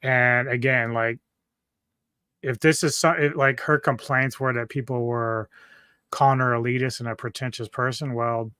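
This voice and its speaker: A man's voice: mid-range voice, fairly even intonation, moderate pace, bright, forceful tone, clean tone, dry recording. Man ranting with heavy profanity, angry reaction-video commentary, dry unechoing sound. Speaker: commentary YouTuber.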